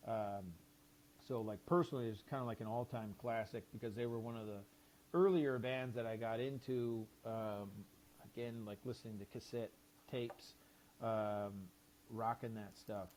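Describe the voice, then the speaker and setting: Podcast guest dude rambling about music, lots of ums, faint background hum. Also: male voice, mid-range voice, fairly even intonation, moderate pace, darkish tone. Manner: rambling, enthusiastic, many fillers and swears. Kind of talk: casual chat.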